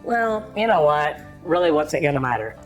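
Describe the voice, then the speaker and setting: Lively, jokey female narrator. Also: low voice, moderate pace, faint music behind. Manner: jokey and conversational, very lively intonation. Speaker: narrator of a plumbing education channel. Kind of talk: scripted narration with casual asides.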